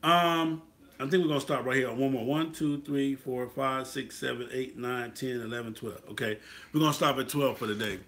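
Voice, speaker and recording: An Atlanta man with a medium-pitched, fairly bright voice speaks at a steady tone and moderate pace. He hosts a casual motivational talk on motorcycle clubs, preachy and repetitive, often asking "you feel what I'm saying?"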